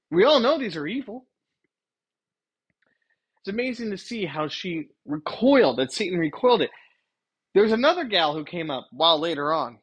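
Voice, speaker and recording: A man's voice: sits high, fairly bright tone, husky. A man giving an informal preaching monologue, rambling and correcting himself as he retells scenes and quotes scripture. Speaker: Christian commentator.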